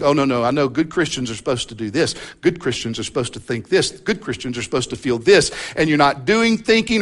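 A man preaching a sermon to a church congregation, his voice sitting a little higher than most men's. He speaks earnestly, stretching out key words with slow, deliberate emphasis. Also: fairly bright tone. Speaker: pastor. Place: church service with congregation present.

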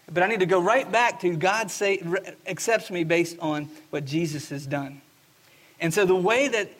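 A man preaching a sermon with a high, bright, ringing voice. He speaks in an earnest, emphatic way and often slows down to stress a point. He sounds like a pastor addressing his congregation.

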